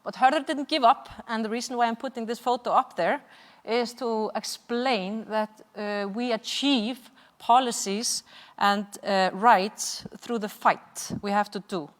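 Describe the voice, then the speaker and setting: A woman's voice: on the high side, steady tone, measured pace. Impassioned Icelandic woman in echoing hall. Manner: earnest, impassioned, with frequent hesitations. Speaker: seminar speaker, activist. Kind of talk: seminar presentation with slides. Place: large hall at a cultural venue. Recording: long reverb of a hall.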